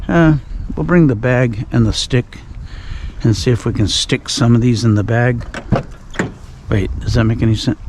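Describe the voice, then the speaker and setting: A man narrating his night dumpster dive in a casual vlog, rambling with dry sarcasm and the odd sigh, recorded outdoors at night. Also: medium pitch. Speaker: dumpster-diving vlogger. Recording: outdoor recording with clear background noise.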